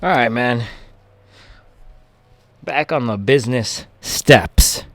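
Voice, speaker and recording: A man's voice: medium pitch, slow pace, no room sound. Playful rambling man vlogging, dry sound. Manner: playful, rambling, jokey slang. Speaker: running shoe reviewer. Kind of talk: casual vlog.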